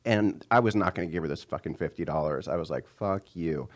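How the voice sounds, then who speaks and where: A man in his thirties, a comedian guest telling a story in casual chat and acting out the quotes. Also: fast. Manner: animated storyteller, acts out quotes in a higher voice.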